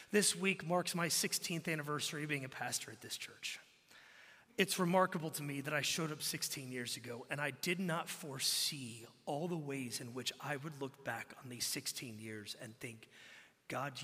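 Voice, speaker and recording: A male pastor in his forties preaches in a church with a high, bright, ringing voice. His delivery is conversational and full of casual asides, then swells into loud, emphatic stretches. The long reverb of the sanctuary hangs behind every phrase. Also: slightly rough. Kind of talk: sermon.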